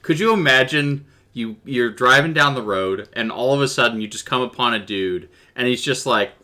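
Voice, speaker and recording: A man's voice: medium pitch, moderate pace, bright, forceful tone. A man running a streamed tabletop game as game master, chatting animatedly with his players and viewers and breaking into vocal sound effects.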